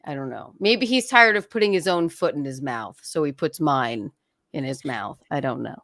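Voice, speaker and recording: A woman guest on a comedy podcast, telling stories with animated put-on voices, laughing often and swearing. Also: low voice, normal speed, no room sound, studio quality. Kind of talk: casual comedic chat.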